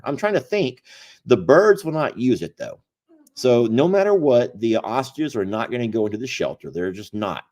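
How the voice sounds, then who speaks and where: Animated folksy man. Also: mid-range voice, normal speed. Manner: folksy, playful, rambling with restarts. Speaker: animal sanctuary owner, livestream host. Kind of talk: casual livestream chat.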